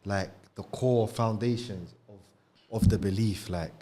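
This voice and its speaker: A man's voice: on the low side, measured pace, mellow, slight background noise. A young man, co-hosting a podcast and talking casually about faith in street slang, often adding "bro" and "you get me". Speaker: podcast co-host. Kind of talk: casual religious discussion.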